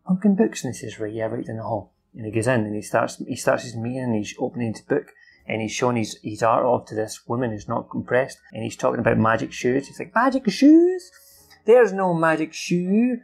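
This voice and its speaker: A man talks through a film from memory, his voice gravelly and mid-range. He rambles with fillers and restarts and swears now and then as he recaps the plot. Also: medium pitch, level tone, fast, soft background music. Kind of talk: casual off-the-cuff recap.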